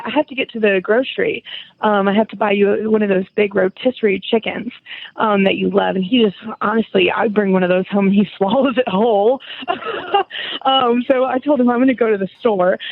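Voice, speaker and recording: A woman's voice: mid-range voice, steady tone, a little fast, gravelly, no echo. A woman rambling through a silly comic story as a caller, giggling as she goes, over a phone line. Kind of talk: improvised comic phone call. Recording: tinny phone-line sound.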